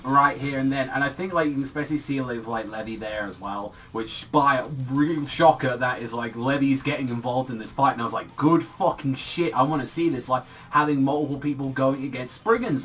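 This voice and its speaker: A man's voice: medium pitch, fairly bright tone, recorded from a distance. A young British man reviewing manga in a casual vlog, rambling and swearing, with lots of fillers. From Britain.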